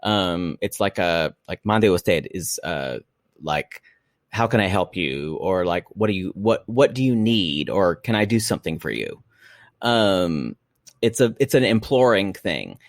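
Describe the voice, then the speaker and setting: A man in his forties co-hosting a podcast, teasing and quick-witted. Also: deep voice, big pitch swings, dry recording, clean studio sound. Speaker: podcast co-host. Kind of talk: casual chat recapping reality TV.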